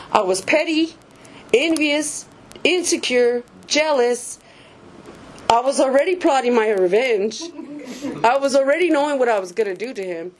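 A woman with a slightly high voice shares her own story in a casual, confessional way. She is candid and self-mocking, laughs at herself often and swears freely. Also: lively intonation, normal speed, darkish tone, a little hiss or hum. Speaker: speaker sharing a recovery story. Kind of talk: personal testimony, casual storytelling.

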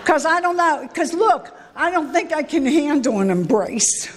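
A woman telling her own recovery story at a meeting, candid and emotional, her voice swinging from high to low. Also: lively intonation, measured pace, crowd noise. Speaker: recovery speaker. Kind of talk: personal recovery share at a meeting. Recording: echoey hall with long reverb.

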